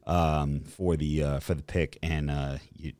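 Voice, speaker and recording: A man in his thirties co-hosting a podcast in casual chat, profane and rambling, dropping into low mumbles and rising into loud rants. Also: little pitch movement, measured pace, no room sound. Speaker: podcast co-host.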